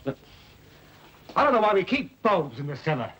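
A man's voice: on the high side, huge pitch swings, quick pace, a little hiss or hum, poor audio. An actor playing a flustered young man who stammers and pleads with his mother, in a 1960s TV drama.

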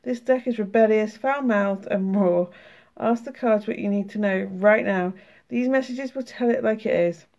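A British woman from the United Kingdom with a sore throat runs a tarot and oracle card vlog, casually flipping through oracle cards and reading them aloud. She laughs and swears freely as she chats, her mid-range, darkish voice moving at a moderate pace with hardly any pauses and the highs cut off.

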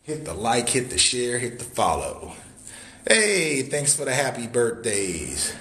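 Male livestream host selling cabins; hyped showman energy, whoops and catchphrases, lively swooping delivery, bright forceful tone. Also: mid-range voice, a little slow. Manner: whooping and drawling "baby" asides. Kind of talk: live walkthrough sales stream.

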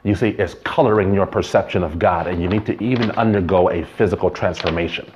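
A man's voice: low voice, fairly even intonation, fast talker, a little mellow, highs cut off, slight background noise. A man preaching a sermon as pastor, in a conversational way, telling stories and adding asides.

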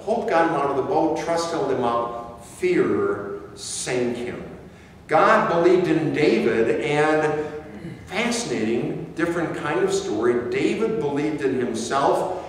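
Slow-preaching pastor in an echoey hall. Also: male voice, a little high, distant mic, slight background noise. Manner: slow, emphatic preaching with repeated phrases. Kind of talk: sermon. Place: church sanctuary.

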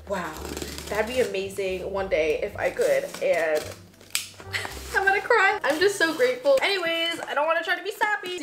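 A woman's voice: high-pitched, a bit bright, reverberant. Bubbly, chatty woman in her twenties. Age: 20s. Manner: bubbly, chatty, giggly, emotional asides. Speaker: YouTuber. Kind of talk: casual unboxing vlog.

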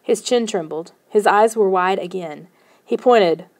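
A woman narrating a first-person children's novel in a steady storytelling manner. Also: mid-range voice, a little slow. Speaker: audiobook narrator.

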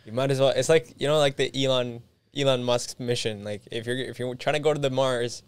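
A man's voice: mid-range voice, steady tone, brisk, clear, resonant tone, no room sound. A young man co-hosting a podcast in a studio, chatting easily and joking back and forth. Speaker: podcast co-host. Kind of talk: casual chat.

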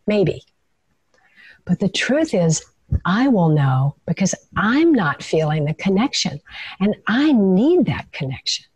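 Calm husky-voiced woman explaining. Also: medium pitch, takes it slowly. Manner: calm, explanatory, with many affirming interjections. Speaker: guest expert on leadership and the nervous system. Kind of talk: conversational interview over video call.

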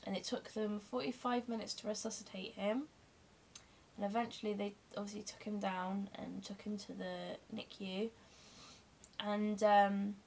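Young woman, creaky voice. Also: medium pitch, a little hiss or hum. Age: young adult. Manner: candid, rambling, emotional retelling. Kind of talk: casual storytelling vlog.

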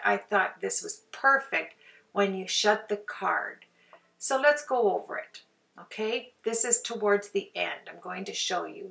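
A woman's voice: medium pitch, gravelly, fairly bright tone, recorded from a distance. An older woman chatting casually through a card-making tutorial, rambling and sometimes dropping to a near-whisper.

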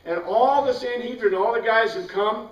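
His voice is very high and his pace moderate as he teaches a Bible class, posing questions to the students only to answer them himself. The mic sits far off, leaving the classroom sound distant, roomy and dull.

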